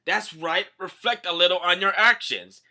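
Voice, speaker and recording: A man's voice: high-pitched, normal speed, sharp tone, voice pushed up. A man voicing a stern young male swordsman who scolds in a curt, blunt way. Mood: scolding.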